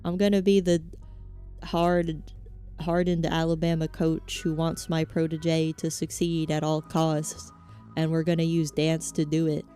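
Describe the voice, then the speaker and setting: A woman's voice: low-pitched, level tone, a little slow, dark tone, clean tone, faint music behind. A woman streamer with a Southern American accent chatting casually over a game in a meandering, self-mocking way. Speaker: VTuber streamer. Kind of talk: casual gaming-stream chat.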